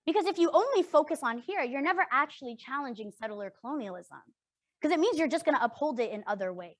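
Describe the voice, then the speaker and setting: امرأة شابة من كندا تقدّم ورشة عمل تفاعلية بصوت مرتفع قليلًا، تتحدث بجدية وحماس وتسأل كثيرًا "صح؟"، والتسجيل جاف بلا صدى تقريبًا. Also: female voice, high-pitched, expressive, fast talker, no room sound. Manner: earnest, emphatic, often checks in with "right?". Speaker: workshop facilitator. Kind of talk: interactive workshop talk.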